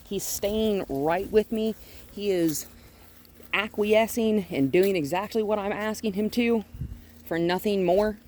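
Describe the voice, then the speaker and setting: A woman dog trainer talks through a training session in a calm, explanatory way, often slipping into bright praise for the dog. Her voice sits at a middle pitch, with faint noise in the background. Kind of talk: hands-on training demonstration. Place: outdoors near a gate with a noisy HVAC unit.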